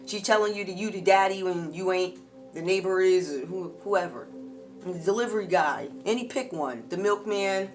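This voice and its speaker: Woman tarot reader, casual and animated, slangy asides, soft music bed underneath. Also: on the low side, moderate pace. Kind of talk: casual tarot reading monologue.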